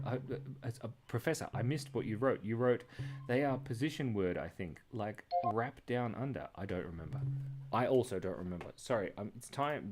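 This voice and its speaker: A man hosting a live drawing stream, chatting casually in a playful, rambling way and often breaking off mid-word. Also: mid-range voice. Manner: rambling, playful, jumps between random thoughts. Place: indoors at his computer.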